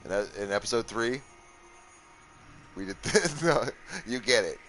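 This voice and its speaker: A man's voice: mid-range voice, lively intonation, unhurried, fairly bright tone, slight background noise. A young man streaming a game, tired and rambling, with sarcastic asides and lots of swearing. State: worn out from a long session. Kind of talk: casual gaming commentary.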